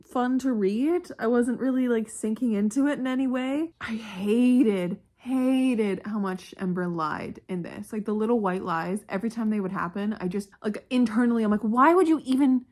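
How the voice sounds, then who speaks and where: A young woman talking casually at home in a reading vlog, candid and quick to swear and laugh. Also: medium pitch, a little mellow. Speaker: book vlogger.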